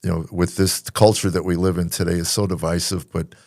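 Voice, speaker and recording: A man's voice: deep voice, flat delivery, a little fast, gravelly, darkish tone, no echo, clean studio sound. A man hosting a podcast, telling a personal story in an earnest, casual way with plenty of fillers. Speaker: podcast host. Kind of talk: casual interview chat.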